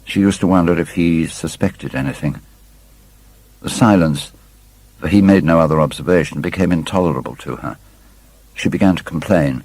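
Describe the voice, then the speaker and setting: A man narrates an audiobook in a measured, literary way. His voice is very low and husky. It is recorded close and dry. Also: a little mellow, no echo, rough recording. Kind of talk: scripted narration.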